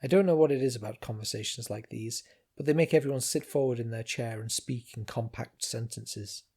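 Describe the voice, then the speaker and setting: A man reading a novel aloud in first person, calm and dry. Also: medium pitch, fairly quick, husky. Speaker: amateur audiobook narrator.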